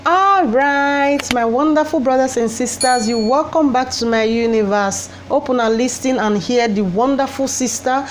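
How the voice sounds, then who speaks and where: A woman's voice: high-pitched, normal speed, few pauses, slight background noise. A woman with a Nigerian accent hosting her channel, earnestly urging her viewers in Pidgin-flavoured talk. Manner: earnest, exhorting. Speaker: channel host.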